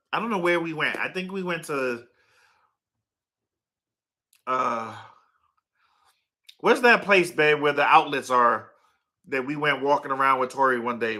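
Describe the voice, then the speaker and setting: A man chats loosely on a livestream, circling back over his words with plenty of "like" and "um" and breaking off to coo at his dog. His voice is very bright and sharp-edged, with a tense, forceful ring, at a middle pitch. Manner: rambling, filler-heavy, talks to his dog and chat. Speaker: livestream host. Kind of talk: casual livestream chat with viewers.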